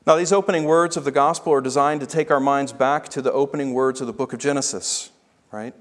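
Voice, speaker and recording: A man preaching a sermon as pastor, emphatic and slowing down to stress key phrases. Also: medium pitch, steady tone, big-room sound.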